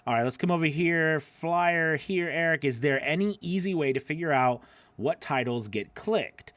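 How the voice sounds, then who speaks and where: A man's voice: on the high side, animated, moderate pace, a bit bright, no echo. A man hosting a live voiceover class, answering viewer questions in a loose, chatty way, with lots of fillers and laughing at himself.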